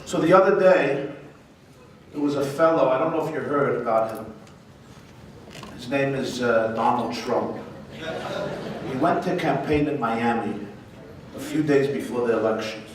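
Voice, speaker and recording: A man, a rabbi, giving a humorous, animated speech at a gala dinner in a large banquet hall. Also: mid-range voice, moderate pace. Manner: joke-telling, animated. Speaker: guest speaker, rabbi. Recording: echoey banquet hall from far off, noisy.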